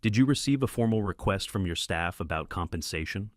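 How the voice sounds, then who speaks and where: A man voicing a stern, old-school male company boss with a sharp, booming delivery in a narrated story. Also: lively intonation, brisk, dry recording, studio quality.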